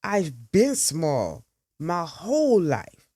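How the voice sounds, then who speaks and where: A woman's voice: medium pitch, sing-song, moderate pace, darkish tone, no room sound, pitched above the performer's own voice. Woman doing a bitter young woman snapping back, defensive, dead dry sound. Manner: performative, snapping, resentful.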